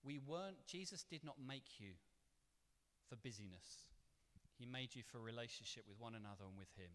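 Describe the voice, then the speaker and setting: A man preaching a sermon in a church, conversational and animated with playful asides. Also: mid-range voice, normal speed. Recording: long reverb of a church hall.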